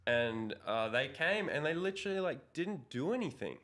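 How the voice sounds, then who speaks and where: A man's voice: a little high, sing-song, moderate pace, a bit bright. A young man telling a story in a casual interview. He rambles with lots of fillers and curses. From Australia. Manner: rambling, heavy swearing, filler-laden. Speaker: guest, pro BMX rider.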